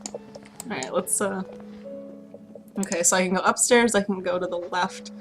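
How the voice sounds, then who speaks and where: A woman's voice: medium pitch, fairly even intonation, measured pace, music in the background. A young woman hosting a let's play, chatting casually and upbeat, often laughing. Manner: giggly, upbeat, reads game text aloud. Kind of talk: casual gameplay chat.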